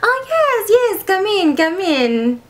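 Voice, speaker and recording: A sassy, flamboyant male assistant, put on by a woman. He trills each line in a very high, sing-song voice full of swoops. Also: very animated, slow pace, exaggerated voice.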